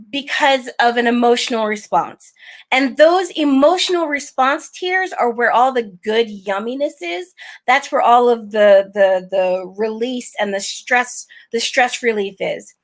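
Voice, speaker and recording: A woman's voice: high-pitched, a bit bright. A woman hosting a casual livestream talk show, chatty, frank and exuberant. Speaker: host.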